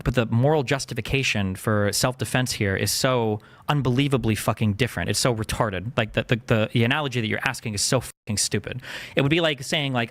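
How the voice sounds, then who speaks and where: A man's voice: medium pitch, a bit bright. A man streaming live, answering chat questions in a blunt, profane, exasperated way. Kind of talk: heated live-stream debate.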